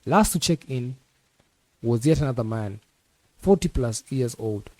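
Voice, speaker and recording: A teacher reads a novel aloud in a measured, deliberate storytelling voice. His tone is dark and mellow at a middle pitch. The recording is dry and close. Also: lively intonation, dry recording. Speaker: teacher reading an audiobook. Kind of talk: audiobook narration.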